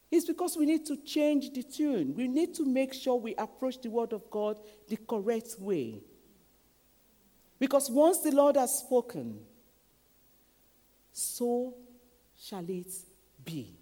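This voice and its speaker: Woman preacher, animated delivery with dramatic whispers, in a hall with long reverb. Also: a little high. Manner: animated, repeats words, acts out quotes, drops to whispers. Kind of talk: sermon. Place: church hall.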